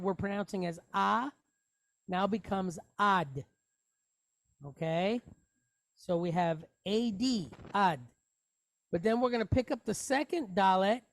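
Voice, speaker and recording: Slow, patient woman teaching. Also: mid-range voice, no room sound, studio quality. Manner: patient step-by-step explaining, asks the class questions. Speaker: Hebrew teacher. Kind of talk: classroom lesson.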